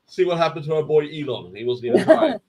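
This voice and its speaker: A British man with a fairly high voice hosts a relaxed livestream, reading viewer messages aloud amid lively banter and frequent laughter. There's slight background noise.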